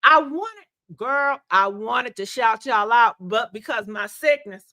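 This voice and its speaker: High, bright chatty woman livestreaming while sick. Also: slow pace, few pauses, dry recording. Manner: chatty, animated, laughs often, addresses viewers as y'all and honey. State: sick, congested throat. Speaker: livestream host. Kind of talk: casual livestream chat.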